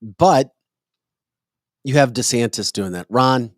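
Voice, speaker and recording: A male podcast host talking politics in a casual, emphatic way, cracking jokes and lecturing as if scolding someone. His voice sits at an ordinary mid pitch and is recorded dry and close. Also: expressive, moderate pace, no room sound.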